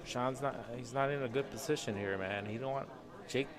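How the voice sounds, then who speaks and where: A man's voice: mid-range voice, brisk, a crowd in the background. A young man co-commentating a pool match on a casual live stream, joking with his partner and chatting to viewers between shots. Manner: joking, laughs often, chats with viewers.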